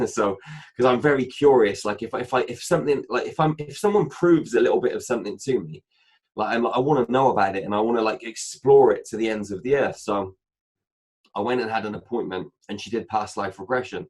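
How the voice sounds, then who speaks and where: A man's voice: lowish voice, a little fast. A man, a guest in a casual interview, telling a long story and acting out the dialogue. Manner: animated anecdote-telling, acting out dialogue with many "I said" asides.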